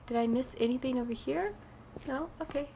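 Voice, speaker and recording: A woman's voice: high voice, brisk, vocal fry, warm tone, slight background noise. A woman hosting a horror game let's play, chatty and nervous, talking to herself as she explores. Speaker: gaming channel host.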